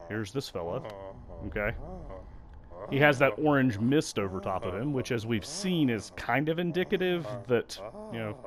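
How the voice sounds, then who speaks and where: A man giving casual, self-deprecating commentary while playing a video game. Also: mid-range voice. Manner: musing, self-deprecating, apologetic. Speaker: let's play host.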